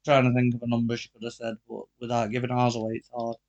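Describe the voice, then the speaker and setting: Gravelly man telling a story. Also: medium pitch, quick pace, dull audio. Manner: animated, acts out quoted dialogue, swears freely. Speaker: podcast co-host. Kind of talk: casual storytelling chat.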